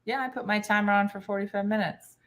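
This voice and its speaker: A woman comedian hosting a casual baking chat in a home kitchen, telling stories with animated impressions of her friends. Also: fast talker, a little hiss or hum. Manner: animated, does loud shrill impressions of friends. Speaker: comedian and host. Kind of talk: casual storytelling while baking.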